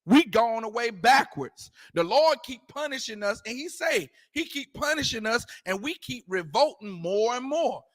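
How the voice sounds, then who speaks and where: A man's voice: very high voice, animated, moderate pace, hardly any pauses, a bit bright, no room sound, clean studio sound. A man teaching a scripture class in an emphatic, repetitive way, using street slang and firing rhetorical questions. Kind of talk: preaching scripture commentary.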